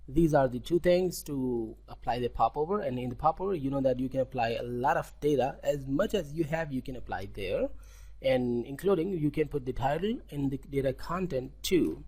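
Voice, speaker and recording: A man's voice: mid-range voice, dark tone. A man with an Indian accent walking through a coding tutorial, often restarting and correcting himself and checking in with "okay?". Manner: halting, self-correcting, repeats words, frequent "okay?". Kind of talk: screen-recorded coding tutorial.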